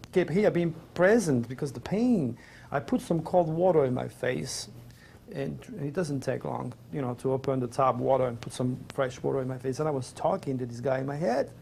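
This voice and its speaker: Gravelly man with a French accent. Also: mid-range voice, normal speed, warm tone, a little hiss or hum. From Provence, France. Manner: earnest, rambling, emotional. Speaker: interview guest. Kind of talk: personal storytelling.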